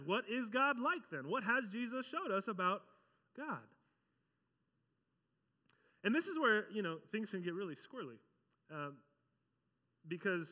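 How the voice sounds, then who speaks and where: A man with a high, bright voice gives a casual, animated sermon, slipping into quoted voices as he goes. The sound is dull and lo-fi, with a long reverb trailing each phrase. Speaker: pastor.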